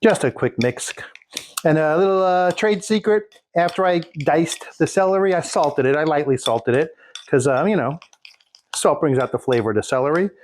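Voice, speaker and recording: A man's voice: a little high, moderate pace, a little hiss or hum. A man casually showing a recipe in his home kitchen, rambling with folksy jokes and asides. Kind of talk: casual cooking demonstration.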